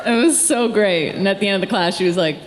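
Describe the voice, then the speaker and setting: A woman's voice: mid-range voice, fast, crowd noise, background noise. A woman telling a chatty story as a guest on a convention panel. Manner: chatty, warm storytelling with fillers. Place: large convention hall. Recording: echoey hall from far off.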